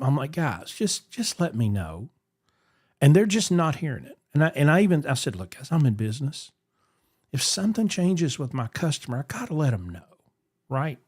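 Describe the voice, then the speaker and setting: A man, hosting a podcast and telling a story in casual chat, acting out the voices he quotes. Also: mid-range voice. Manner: animated, acts out quoted voices. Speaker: podcast host.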